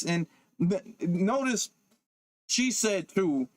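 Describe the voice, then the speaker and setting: A man's voice: high voice, slow pace, no room sound. A man giving reaction-video commentary, talking emphatically and repeating himself, with many interjections of "okay". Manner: repetitive, emphatic, often says okay.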